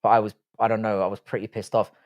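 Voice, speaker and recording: A man's voice: lowish voice, flat delivery, fast. Irish guy live streaming, reads chat, swears a lot, laughs at himself. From Ireland. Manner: blunt, swears freely, self-deprecating. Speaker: livestream host. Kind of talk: casual live-stream chat reading viewer comments.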